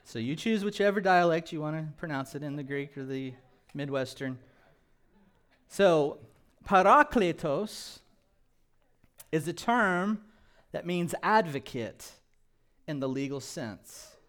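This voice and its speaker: A man's voice: a little high, takes it slowly, pauses often. A man preaching a sermon as pastor, prompting the congregation to repeat after him and slipping in light jokes. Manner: animated preaching with call-and-response prompts; light humor, laughs at his own jokes.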